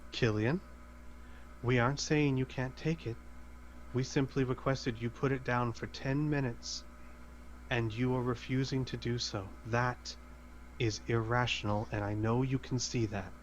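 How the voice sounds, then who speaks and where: A man playing his character in a tabletop game, calm and reasoning. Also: mid-range voice, a little slow, highs cut off, a little hiss or hum. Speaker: player.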